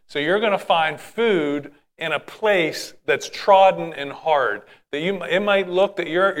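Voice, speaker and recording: Male preacher, slightly higher voice, plain explanatory Bible teaching. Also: a bit bright. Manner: reads scripture then explains it in plain words.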